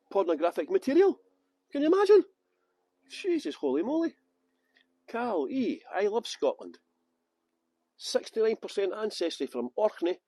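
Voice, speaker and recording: Upbeat male tour guide, high and animated, joking with viewers, dry close phone sound. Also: dry recording. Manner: chatty, jokey, greets viewers by name. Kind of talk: live-streamed walking tour. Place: outdoors at a historic cottage.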